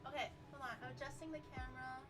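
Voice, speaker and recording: A woman's voice: high voice, fairly even intonation, racing, background noise. A young woman chatting casually while cooking on her stream, explaining each step and swearing now and then.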